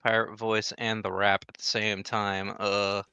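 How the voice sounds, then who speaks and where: A man's voice: lowish voice, level tone, measured pace, pushed and bright, clear, resonant tone, dry recording. A man joking and chatting casually while playing a video game with a friend. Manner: joking, laughs easily. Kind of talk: casual gaming chat.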